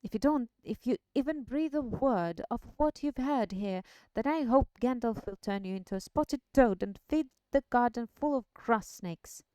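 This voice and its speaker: A woman, not a native English speaker, voicing a gentle but firm young male hero in an earnest, quietly urgent tone close to her own voice. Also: on the high side, lively intonation, moderate pace, few pauses, clear, resonant tone, dry recording, natural voice, rough recording.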